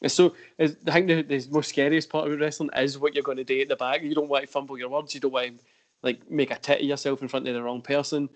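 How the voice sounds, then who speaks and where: A man's voice: mid-range voice, little pitch movement, quick pace. Laid-back Scottish man hosting. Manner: laid-back, rambling storyteller. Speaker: podcast host. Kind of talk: casual chat.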